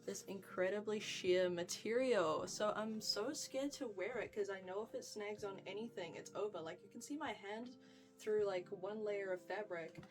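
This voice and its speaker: A woman's voice: mid-range voice, moderate pace, distant mic, faint music behind, rough recording. A young woman with a New Zealand accent giving a chatty, gushing wardrobe tour, full of "like" and "freaking". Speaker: fashion vlogger.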